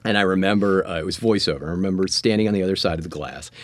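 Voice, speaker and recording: A man with a low voice tells stories from his acting work, now and then jumping into other people's voices. The sound is dry and close, with no room around it. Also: rapid-fire, dry recording. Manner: animated storyteller acting out voices. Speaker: actor guest. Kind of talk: storytelling interview.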